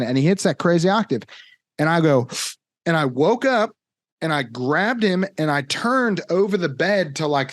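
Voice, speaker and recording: In a dry recording, a young podcast co-host tells a lengthy, animated story in relaxed conversation, voicing the quotes of the people involved. His pitch sits on the high side.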